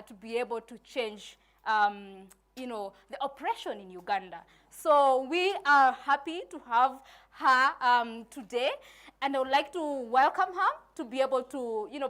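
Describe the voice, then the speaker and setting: A woman's voice: fairly high pitch, a bit bright. A young woman hosting an event, introducing a guest with enthusiastic admiration. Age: young adult. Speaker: event host.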